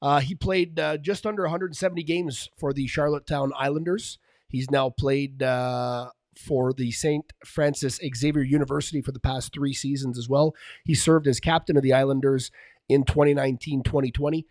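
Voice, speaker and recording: A man co-hosting a casual hockey podcast, relaxed and full of fillers. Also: medium pitch, normal speed. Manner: relaxed, filler-heavy, frequent restarts. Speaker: podcast co-host.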